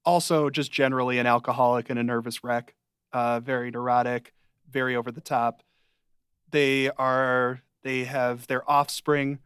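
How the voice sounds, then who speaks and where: A young man co-hosting a podcast, recapping a sitcom in a casual, dry, rambling way with quick asides. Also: mid-range voice, flat delivery, fairly bright tone, clear, resonant tone, dry recording. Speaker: podcast co-host. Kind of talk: casual chat.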